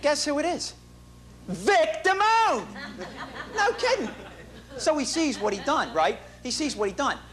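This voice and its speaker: With crowd noise in the theater, a stage actor plays a chatty, bragging working-class family man, rambling in slang and bad grammar during a one-man comic monologue. He speaks at a moderate pace in a very high-pitched, sing-song voice.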